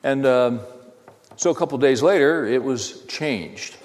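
A man hosting a talk, telling a personal story in a halting, restarting way that turns heated. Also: mid-range voice, darkish tone. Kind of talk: anecdotal monologue. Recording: long hall reverb.

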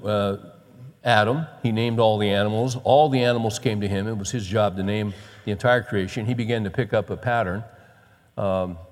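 A man preaching a sermon as pastor, folksy and animated, with soft chuckles. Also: on the low side, big-room sound.

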